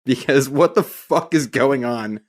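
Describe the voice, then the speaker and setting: A man's voice: mid-range voice, measured pace. A man co-hosting a casual podcast, joking around with his friends. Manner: joking, animated. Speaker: podcast co-host.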